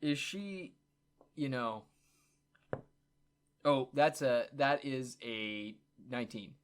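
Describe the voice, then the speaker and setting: A man's voice: medium pitch, animated, slow, a little hiss or hum. A young man playing a tabletop game, hesitant with many restarts, at times speaking in character. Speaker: player. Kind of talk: tabletop role-play.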